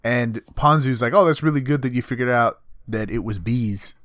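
A man's voice: medium pitch, moderate pace, no echo, studio quality. A man co-hosting a casual podcast chat, recapping anime episodes in a loose, profane way. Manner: loose, profane, acts out characters in a flat voice. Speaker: podcast co-host.

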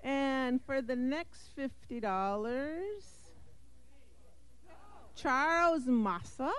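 A woman's voice: high voice, expressive, very slow, a bit bright, clear, resonant tone. A woman announcing door prize winners at a live event, laughing and stumbling over her words.

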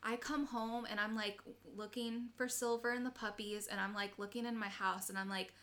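A woman's voice: mid-range voice, flat delivery, moderate pace, fairly bright tone. A woman in her forties telling a personal story in casual chat, full of "like" and swearing, acting out what people said. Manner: chatty, frequent "like", swears, acts out quotes.

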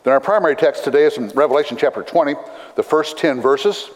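A pastor giving a sermon, reading scripture in a measured, deliberate way with dry asides. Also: male voice, a little high, expressive. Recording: long reverb of a large hall.

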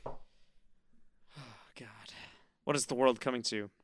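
A man co-hosting a casual podcast chat, making wry deadpan jokes. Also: mid-range voice, takes it slowly, slight background noise. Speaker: podcast co-host.

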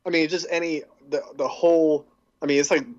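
Halting man chatting about movies. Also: fairly high pitch, little pitch movement, darkish tone, dull audio. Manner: hesitant, many fillers and restarts. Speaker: podcast co-host. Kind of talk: casual movie chat.

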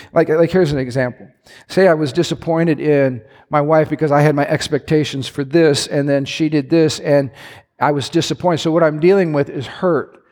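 Male pastor, conversational sermon, slightly high voice, long church reverb. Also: a little mellow. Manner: conversational preaching with asides and restarts. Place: church sanctuary.

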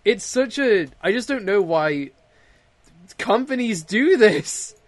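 A young man in a casual online group chat, animated and swearing, laughing often. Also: high-pitched, slow pace, no room sound. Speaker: friend in chat. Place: online voice call.

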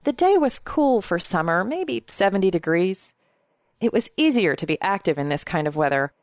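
Female narrator, mid pitch, measured, dry booth sound. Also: very animated, a little mellow, dry recording. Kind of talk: audiobook narration.

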